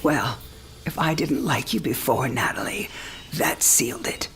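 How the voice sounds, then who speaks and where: A woman's voice: rumbling low, expressive, a little slow, fairly bright tone, in a whisper, faint music behind, full character voice. An actress playing a dying old woman who talks frankly, teasing and tender by turns. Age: older. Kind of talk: game cinematic voice acting.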